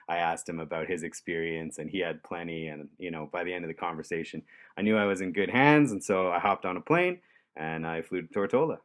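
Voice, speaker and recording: A man telling a story in a relaxed, chuckling way, with lots of fillers. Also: sits low, fairly quick. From Canada. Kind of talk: casual storytelling.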